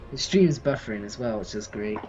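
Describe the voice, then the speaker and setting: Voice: medium pitch, lively intonation, brisk, muffled recording, over music. Chatty live-streamer. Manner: chatty, reads and answers chat while playing. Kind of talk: casual gameplay live stream.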